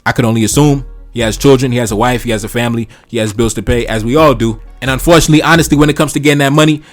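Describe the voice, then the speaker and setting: Fast-talking blunt man over faint music. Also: medium pitch. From Haiti. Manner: blunt, profane, repeats "bro" and "man". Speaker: channel host reacting to tweets. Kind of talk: reaction commentary.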